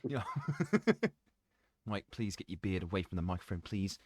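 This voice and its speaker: A man hosting a casual chat, playful and teasing, with a resonant, gravelly voice. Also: low voice, measured pace, slight background noise. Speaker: host.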